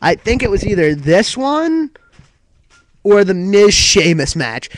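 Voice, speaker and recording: A man's voice: sits high, sing-song, slow, no echo, rough recording. A man co-hosting a casual talk show, recapping matches in a loose, rambling way, full of fillers and offhand swearing. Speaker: co-host of a wrestling talk show. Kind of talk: casual chat recapping a wrestling broadcast.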